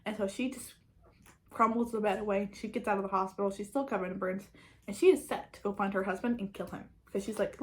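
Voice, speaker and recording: A woman chatting casually as a book reviewer, summarising a plot with frequent "like" and quick restarts. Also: mid-range voice, steady tone, poor audio.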